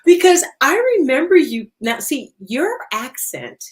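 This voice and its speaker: A woman's voice: high-pitched, lively intonation, a little slow. A woman in her fifties from Philadelphia, with a Philadelphia accent after long years in Atlanta, hosting a casual interview and laughing often. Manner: laughs often, curious and chatty. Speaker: host.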